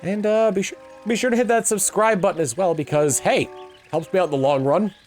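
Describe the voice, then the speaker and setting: A man's voice: high voice, fairly quick, darkish tone, soft background music. A young man talking casually on a game livestream, rambling with lots of fillers and restarts. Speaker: game streamer.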